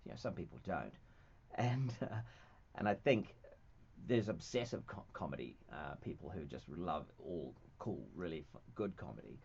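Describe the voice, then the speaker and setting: Deep husky New Zealand man. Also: big pitch swings, moderate pace, a little mellow. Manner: laid-back and self-mocking, trailing off mid-thought. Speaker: guest comedian and actor. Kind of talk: casual chat. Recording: dull lo-fi radio studio sound.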